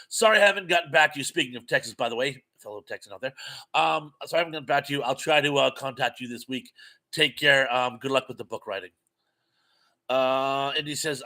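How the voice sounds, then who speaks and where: Fairly high and brisk, this older man from New England reads his live stream's chat and meanders through anecdotes on a headphone mic. He's a talkative storyteller whose delivery swings lively.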